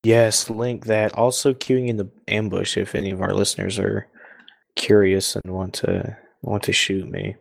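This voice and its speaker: A man hosting a casual gaming podcast, reacting in an excitable way and swearing often. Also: fairly low pitch, vocal fry. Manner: excitable, profane, quick reactions. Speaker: podcast host.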